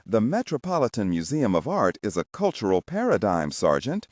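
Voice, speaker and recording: A man voicing a soft-spoken, formal FBI agent with precise, refined speech in an audiobook. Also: fairly low pitch, wildly swooping pitch, moderate pace, no room sound, studio quality. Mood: urbane.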